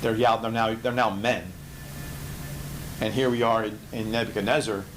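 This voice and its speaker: A man's voice: fairly even intonation, normal speed, noisy background. Emphatic man teaching Bible study. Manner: emphatic, rhetorical questions, swings from low to loud.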